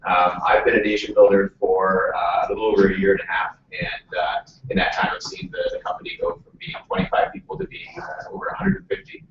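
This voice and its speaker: Give me a loud, upbeat man from Canada, low-pitched, heard from afar on a muffled, noisy recording. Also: big pitch swings. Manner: loud, upbeat, halting with fillers. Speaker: guest co-facilitator. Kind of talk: casual introduction. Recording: echoey room from far off, muffled, noisy.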